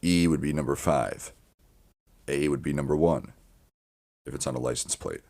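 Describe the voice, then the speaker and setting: Super low rumbly guy with a lot of fry, just rambling on his podcast, restarts and cusses. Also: normal speed, darkish tone. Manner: meandering, frequent restarts and swearing. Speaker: podcast host. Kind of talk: casual rambling monologue.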